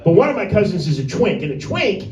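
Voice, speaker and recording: A man with a high voice doing a crude, rambling stand-up set and picking on people in the audience by name. He is recorded from a distance in an echoey little room. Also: very animated, fast talker, darkish tone. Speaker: stand-up comedian. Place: small room with a tiny audience.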